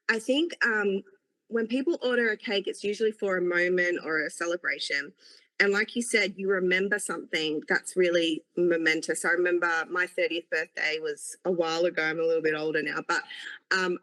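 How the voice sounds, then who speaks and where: A woman's voice: fairly low pitch, rough recording. A woman, a podcast guest speaking earnestly about her work and life. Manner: warm, earnest storytelling. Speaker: guest, cake maker. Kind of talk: conversational podcast interview.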